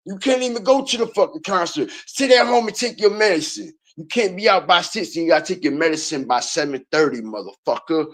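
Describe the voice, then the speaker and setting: Guy ranting on his channel, cussing a lot, kinda high voice, says stuff twice. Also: animated, fairly quick, hardly any pauses, a bit bright. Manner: profane, heated, repeats his points. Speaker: online commentary host. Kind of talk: ranting video commentary.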